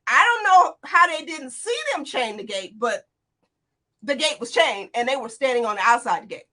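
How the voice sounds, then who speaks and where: In an interview, a woman in her forties recounts a frightening escape as an emotional personal account. Her high-pitched voice moves at a moderate pace, the story tumbling out animatedly and packed with quoted dialogue.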